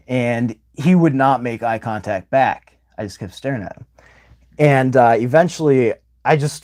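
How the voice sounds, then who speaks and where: A man hosting a casual livestream, telling a long rambling story and acting out the other people's lines as he goes. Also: medium pitch. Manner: chatty, rambling, animated retelling with quoted voices. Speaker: livestream host.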